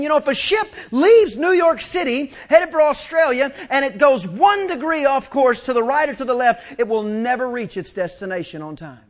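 A man preaching a sermon as pastor, lively and full of stammered restarts. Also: very high voice, normal speed, hardly any pauses. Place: church sanctuary.

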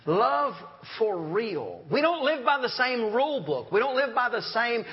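A man preaching a sermon, animated, with acted-out quotes and humor. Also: very high voice, measured pace, dull audio. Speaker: pastor.

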